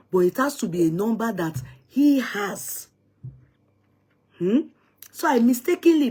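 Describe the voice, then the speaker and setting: A middle-aged woman with a Nigerian accent, telling a personal story with dramatic swings from hushed whispers to loud outbursts. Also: medium pitch, husky. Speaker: vlogger.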